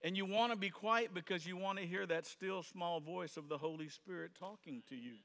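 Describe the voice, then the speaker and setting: Speaking a little fast, a male pastor gives a relaxed, conversational sermon in a church sanctuary with long reverb. His bright, somewhat high voice takes on the voices of his story characters, and he suddenly rises to shouts.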